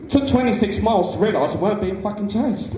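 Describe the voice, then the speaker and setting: A young stand-up comedian talks fast and animatedly in a high, mellow voice, rambling and dropping "you know" everywhere. The small indoor club sounds echoey from a distant camera, with a slight hiss or hum.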